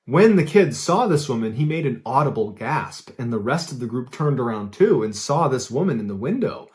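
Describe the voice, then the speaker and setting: A man's voice: medium pitch, very animated, moderate pace. A man hosting a channel, telling a true scary story in an earnest, emphatic way that builds suspense. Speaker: host and storyteller. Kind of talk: casual storytelling.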